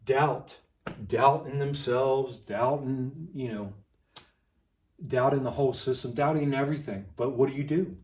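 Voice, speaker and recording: A man's voice: medium pitch, measured pace, a little mellow. Preachy man talking in an echoey room. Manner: preachy, rhetorical, repeats lists of phrases. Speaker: vlogger. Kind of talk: impassioned monologue to camera. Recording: echoey room, mic at a distance.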